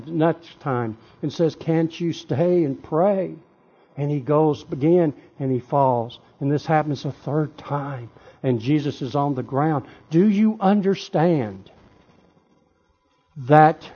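A man preaching a sermon with drama, moving from hushed, quiet lines to loud shouting. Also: mid-range voice, husky, highs cut off.

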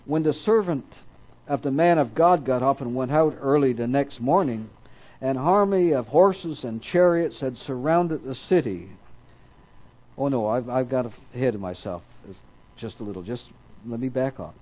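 A man's voice: mid-range voice, moderate pace, a little mellow, muffled recording. A man preaching a sermon, reading scripture aloud and acting out the quoted voices, stopping now and then to correct himself.

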